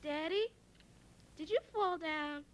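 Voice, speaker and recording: A woman's voice: very high-pitched, slow, slight background noise. Whiny little girl. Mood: pleading. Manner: whiny, pleading. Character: clingy little girl wanting a goodnight kiss.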